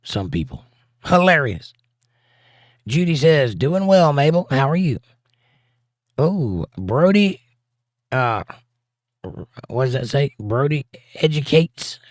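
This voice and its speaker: A man's voice: mid-range voice, big pitch swings, slow pace, pauses often, dry recording, studio quality. A man hosting a casual live stream, reading viewer comments aloud and joking back at them. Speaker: livestream host.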